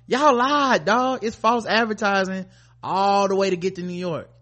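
A man co-hosting a podcast, ranting in a profane, animated, mock-outraged way. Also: high voice, normal speed. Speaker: podcast co-host. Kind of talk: casual comedic rant.

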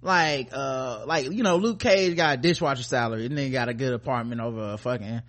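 A man co-hosting a podcast, ranting in a profane, animated, mock-outraged way. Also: medium pitch, brisk. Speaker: podcast co-host. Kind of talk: casual comedic rant.

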